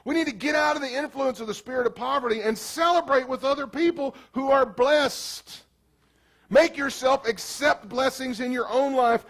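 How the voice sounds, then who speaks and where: A man preaching a sermon as pastor in a casual, animated way, slipping into quick acted asides. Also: very high voice.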